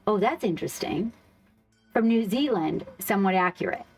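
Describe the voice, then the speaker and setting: A woman's voice: mid-range voice, expressive, moderate pace, slightly rough, soft background music. A woman hosting a casual live stream, chatting loosely with viewers, swearing freely and reacting to the chat.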